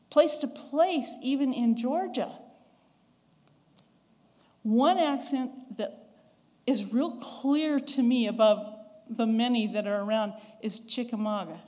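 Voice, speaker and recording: A woman's voice: on the high side, slow, long pauses, warm tone. Chatty woman preaching in a reverberant church. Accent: Western American. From western United States. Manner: conversational, chuckles, acts out quoted voices. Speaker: pastor. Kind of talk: sermon. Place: church sanctuary.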